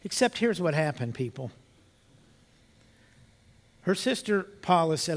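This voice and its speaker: Older preacher man, high voice. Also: big pitch swings, a little slow, pauses often. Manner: storytelling, swings from hushed to emphatic. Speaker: pastor. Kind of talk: sermon.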